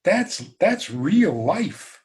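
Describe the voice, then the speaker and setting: A man giving a rabbi's talk over a video call, emphatic, with dry humor and soft laughs. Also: high voice, very animated, drawn-out words. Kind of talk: talk on a zoom call, answering questions.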